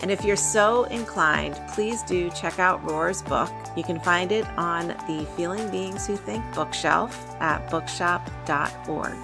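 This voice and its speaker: Podcast host: a woman with a lowish voice, gentle and reflective, with music playing clearly behind her. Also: a little slow, few pauses. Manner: gentle, reflective, asks probing questions. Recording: voice over clear background music.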